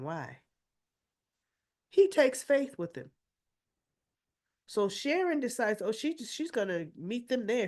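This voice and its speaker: Chatty woman recapping soap episodes. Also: medium pitch. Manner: chatty and opinionated, acts out characters' lines. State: a little winded. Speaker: soap opera recap host. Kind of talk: casual retelling of episodes.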